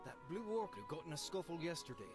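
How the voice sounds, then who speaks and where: A man's voice: fairly high pitch, animated, fast talker, close to an everyday voice. An actor playing a nosy, half-blind male townsman in a video game, gossipy and sure of himself. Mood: gossiping. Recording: game audio with loud music.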